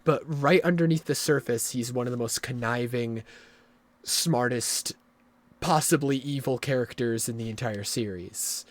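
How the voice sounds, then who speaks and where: A man streaming a video game live, explaining the story at length in a rambling, excitable way and swearing often. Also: mid-range voice, measured pace.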